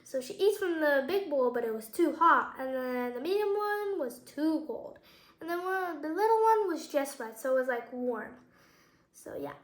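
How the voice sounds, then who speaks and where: A woman's voice: sits high, expressive, moderate pace. A woman reading a picture book aloud to children, casually explaining the pictures and asking questions. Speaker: children's story reader. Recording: echoey room.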